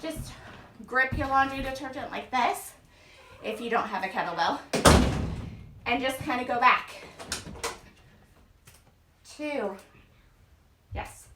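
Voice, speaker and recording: Speaking slowly with long pauses in a high-pitched voice, a mom leads a casual, upbeat exercise routine in a room at home, counting each rep. Background noise is present, and she sounds distant in the echoey space.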